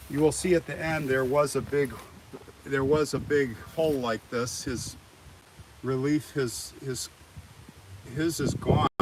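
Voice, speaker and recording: An older American man hosting a live walking tour of a cemetery, chatting in a rambling way and answering viewer comments as he goes. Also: mid-range voice. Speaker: livestream host. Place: outdoors in a cemetery. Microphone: phone on a live stream. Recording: harsh noisy live-stream audio.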